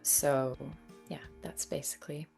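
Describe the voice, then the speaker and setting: A Canadian woman in her thirties, an actress and dialect coach telling her story in an interview, lively and often laughing. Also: low-pitched, unhurried, gravelly, soft background music. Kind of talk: conversational interview.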